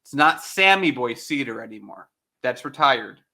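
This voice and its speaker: A man's voice: medium pitch, expressive, moderate pace, sharp tone. A man co-hosting a casual political commentary show, joking in loose banter. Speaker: co-host.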